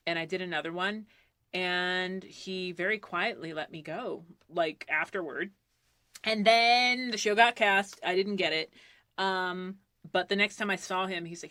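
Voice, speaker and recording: A woman's voice: on the low side, unhurried, sharp tone, dry recording. A woman voice actor chatting casually on a podcast, telling a story and acting out the quoted lines, with some swearing. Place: recording booth. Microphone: studio mic.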